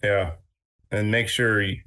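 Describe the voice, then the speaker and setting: A man playing a tabletop game, speaking to another character in a deadpan, scolding way. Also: on the low side, slow. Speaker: player.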